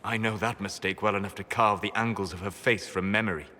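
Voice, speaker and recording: An actor playing a wise, melancholy male elven mage in a video game, calm and measured like a lecturer. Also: fairly low pitch, big-room sound. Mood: grave.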